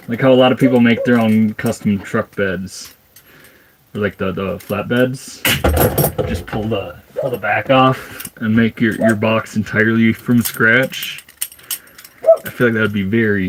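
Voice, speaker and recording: A young man from Minnesota chatting casually on a livestream from his converted school bus, answering viewers in a relaxed way. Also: fairly low pitch, unhurried, background noise.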